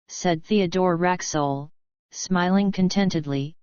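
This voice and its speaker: A woman narrating an audiobook in an even, steady reading. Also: fairly low pitch, unhurried, clear, resonant tone, no room sound, lo-fi sound.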